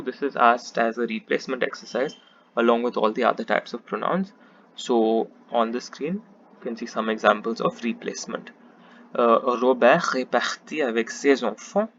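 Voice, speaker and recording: A man's voice: medium pitch, fairly bright tone. Man, patient grammar tutor, slightly muffled, faint hiss behind. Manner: patient, methodical, repeats each example in French then English. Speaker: French tutor. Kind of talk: explanatory grammar lesson.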